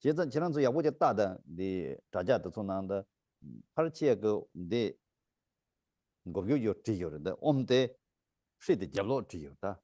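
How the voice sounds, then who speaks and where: A middle-aged Buddhist teacher, a man with a low, mellow voice, gives a dharma teaching. He speaks emphatically, his voice jumping up in pitch and force. The recording is dry and close. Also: very animated, normal speed, no room sound.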